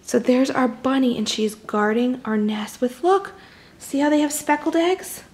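A young woman reading a picture book aloud to children, with chatty, animated asides to her little listeners. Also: high-pitched, measured pace. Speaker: children's storybook reader.

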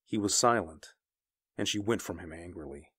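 A man narrating a story, reading in a grave and measured way. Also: low-pitched, bright, forceful tone, slightly rough, no echo, studio quality. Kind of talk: scripted narration of pulp fiction.

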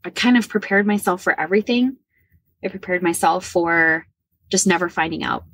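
A woman in her forties from the Midwest shares her own story as a podcast guest. Her voice sits low with a husky, breathy grain. She speaks candidly and earnestly, often repeating herself, in a dry, close recording. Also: moderate pace, fairly bright tone, no room sound. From American Midwest. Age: 40s. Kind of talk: personal storytelling.

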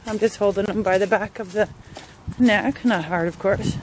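A woman's voice: medium pitch, moderate pace, background noise. A woman chatting casually as she films a pet vlog outdoors in a front yard, in an easygoing, talkative way. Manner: chatty, easygoing, laughs often. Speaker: pet owner vlogger.

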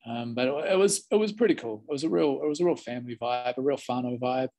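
A man's voice: medium pitch, fast, dark tone. A man in his forties with a New Zealand accent, telling stories as an interview guest in a laid-back, chatty way with lots of restarts. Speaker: interview guest, former film extra. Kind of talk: casual storytelling.

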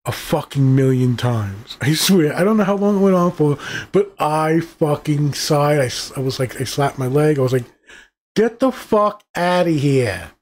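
A man's voice: on the high side, a little mellow. A middle-aged man giving a casual, rambling movie review, profane and exasperated as he rants.

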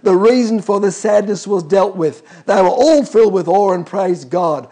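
A man's voice: high voice, lively intonation, normal speed, dark tone. A man preaching a sermon, emphatic and calling out to the congregation.

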